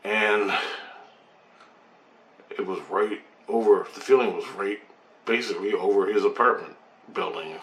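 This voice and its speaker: A man's voice: fairly low pitch, fairly even intonation, unhurried, long pauses, a bit bright. Rambling man in an echoey room. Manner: rambling, loose and profane, with frequent asides. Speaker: vlogger telling a personal story. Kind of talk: casual storytelling. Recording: roomy echo, faint background hum.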